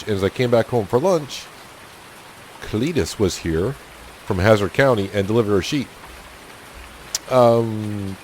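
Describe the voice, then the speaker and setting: Easygoing low-voiced man playing a farming game. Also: a little mellow, slight background noise. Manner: easygoing, self-deprecating, thinks aloud. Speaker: gaming channel host. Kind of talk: casual let's-play commentary.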